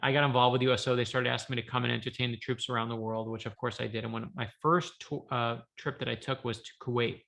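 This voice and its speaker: A man, an author, telling a lively story on a video call from his home office, acting out the dialogue. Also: mid-range voice, fast talker, vocal fry, few pauses. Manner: lively anecdotal, acts out dialogue. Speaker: author guest. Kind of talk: animated storytelling.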